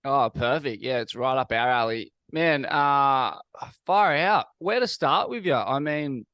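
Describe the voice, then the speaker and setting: A man's voice: mid-range voice, animated, measured pace, a bit bright, smooth, dry recording. A man hosting an interview show, asking questions in an enthusiastic, rambling, laid-back way. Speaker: podcast host. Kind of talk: casual interview chat.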